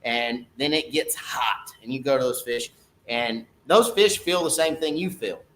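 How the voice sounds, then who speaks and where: A man's voice: mid-range voice, measured pace, fairly bright tone. A middle-aged man, a fishing guide talking casually on a live stream, folksy and repeating "okay?" to his viewers.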